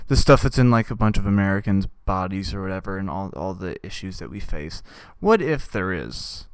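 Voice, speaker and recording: A young man hosting a podcast, delivering an absurd, deadpan comic monologue that he keeps punctuating with "right?". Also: sits low, moderate pace, clean tone, no room sound. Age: young adult. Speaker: podcast host.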